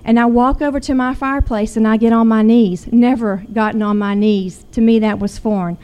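A woman's voice: a little high, fairly even intonation, fairly quick, warm tone, smooth, lo-fi sound. A middle-aged woman, earnestly telling a personal story. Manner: earnest, growing intense when retelling. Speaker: guest sharing a personal story.

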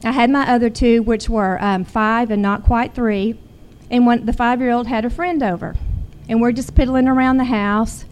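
A woman's voice: on the high side, steady tone, normal speed, few pauses, darkish tone, a little hiss or hum. Woman telling a personal story. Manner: earnest, growing intense when retelling. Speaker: guest sharing a personal story.

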